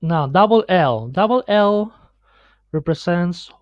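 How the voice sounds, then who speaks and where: Captured on a computer mic during a screen-recorded pronunciation lesson, this male Spanish teacher has a high, animated voice. He explains slowly, stumbling through fillers and false starts, and the audio is dry and flat.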